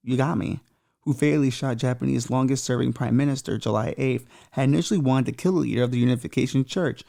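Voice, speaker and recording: A man with a gravelly, warm, mellow voice chats loosely on a podcast. He reads news pieces aloud, breaking off for irreverent, profane jokes. He trips over unfamiliar names as he goes. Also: mid-range voice. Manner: irreverent, joking asides with profanity; stumbles over unfamiliar names while reading. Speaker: podcast co-host. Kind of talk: casual podcast commentary reading news aloud.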